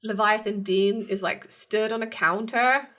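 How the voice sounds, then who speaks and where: A woman's voice: medium pitch, steady tone, a little slow, fairly bright tone. A woman co-hosting a podcast, chatting casually as she recaps a TV episode, acting out characters' lines and laughing often. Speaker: podcast co-host.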